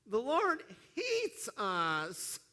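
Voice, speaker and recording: A man's voice: very high voice, wildly swooping pitch, extremely slow, bright, forceful tone, long reverb tail, pitched above the performer's own voice, full character voice. A man voicing a sulky, whining teenage boy who complains that nobody cares for him. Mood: whiny.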